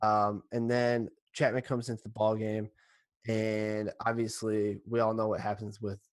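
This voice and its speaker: A man co-hosting a sports podcast, rambling and excitable, restarting his sentences as he recaps a game. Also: on the low side, a little slow, no room sound. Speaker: podcast co-host. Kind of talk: casual sports chat.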